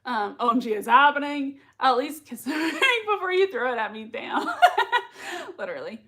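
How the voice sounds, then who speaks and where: A woman's voice: high-pitched, expressive, normal speed, pushed and bright. A young woman hosting a live reaction stream, chatting casually as she reads out viewer comments, gushing and laughing often, with lots of fillers. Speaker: livestream reaction host.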